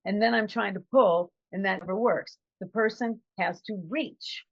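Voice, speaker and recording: A woman's voice: medium pitch, moderate pace, no echo, dull audio. A woman giving a conversational, reflective motivational talk as a trainer. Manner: conversational, reflective, acts out quotes.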